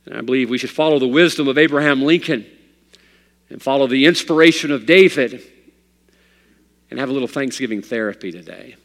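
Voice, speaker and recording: A male pastor preaching a sermon, telling a story and swinging from loud, emphatic lines to quiet ones. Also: medium pitch, brisk, pauses often, in a large hall.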